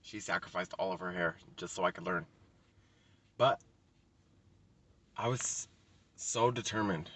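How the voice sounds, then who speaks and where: A man's voice: low-pitched, unhurried, long pauses, a bit bright, a little hiss or hum. A young man who works as a hairstylist, telling a casual, profane story in a vlog with lots of fillers. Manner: casual and profane, with many likes. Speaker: hairstylist vlogger.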